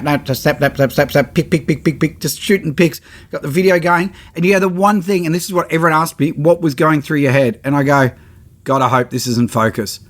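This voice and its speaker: A middle-aged man hosting a podcast, telling a story with lively energy and acting out his own reactions and the quotes of others. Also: high-pitched. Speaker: podcast host, photographer. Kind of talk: animated storytelling.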